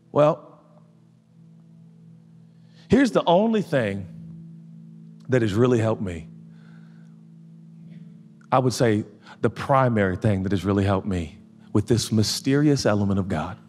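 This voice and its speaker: A man preaching a sermon as pastor, dropping low and quiet, then building to loud shouts. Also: sing-song, takes it slowly, long pauses, big-room sound, soft background music.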